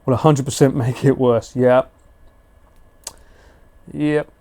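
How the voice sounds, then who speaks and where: A man's voice: mid-range voice, fairly even intonation, slow, warm tone. A British man chatting casually and slangily with viewers on a live stream. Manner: chatty, laid-back, slangy.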